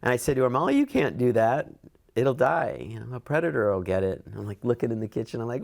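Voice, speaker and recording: A man's voice: fast talker, vocal fry. A middle-aged man telling a long workplace story in an oral history interview, acting out the dialogue in a raised voice. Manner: animated, acts out quoted dialogue with raised pitch. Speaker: interviewee, events program manager.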